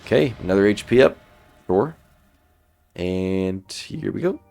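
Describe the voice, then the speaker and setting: A man casually commenting while playing a video game, thinking aloud about his choices in a relaxed, sleepy way. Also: sits low, measured pace, gravelly, soft background music. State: sleepy, yawning. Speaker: gaming YouTuber. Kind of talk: let's play commentary.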